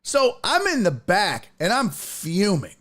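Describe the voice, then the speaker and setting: A man hosting a sports talk show, a comedian telling a profane, emphatic story in an animated way, sounding a bit congested. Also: high voice, takes it slowly. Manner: profane, emphatic, fired-up ranting. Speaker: podcast host and stand-up comedian.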